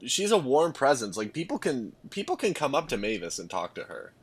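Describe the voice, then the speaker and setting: A man's voice: medium pitch, very animated, a little fast, slightly rough. A man co-hosting a casual chat, enthusiastic and agreeable. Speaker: podcast co-host.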